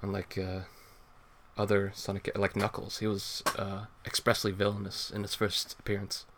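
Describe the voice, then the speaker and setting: A man's voice: fairly low pitch, completely flat delivery, moderate pace, background noise. A man co-hosting a casual chat about a comic, explaining at length with many fillers and swearing. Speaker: co-host reviewing a comic.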